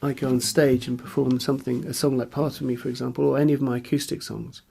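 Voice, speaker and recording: A man's voice: medium pitch, little pitch movement, quick pace, vocal fry, mellow, slightly rough. A man, a musician, speaking in a candid interview, hesitant and searching for words, openly earnest and emotional.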